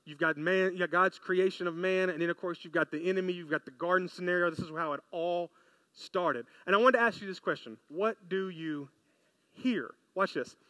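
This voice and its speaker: Bright, high-voiced male preacher. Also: fairly quick, no room sound. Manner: animated, conversational, asks the audience questions. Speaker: pastor. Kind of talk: sermon. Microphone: close mic, podcast.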